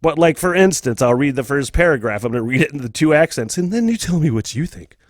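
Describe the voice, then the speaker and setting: Brief: male podcast host, rambling and profane, lively pitch, close and dry. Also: fast, dry recording. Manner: profane, rambling, laughs often. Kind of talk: candid casual monologue.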